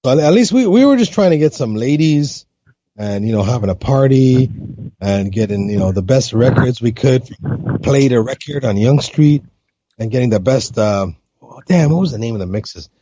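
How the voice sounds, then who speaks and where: A man's voice: mid-range voice, animated, moderate pace, mellow, slight background noise. A man guest in a casual call-in chat, rambling with laid-back slang. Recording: dull dry sound.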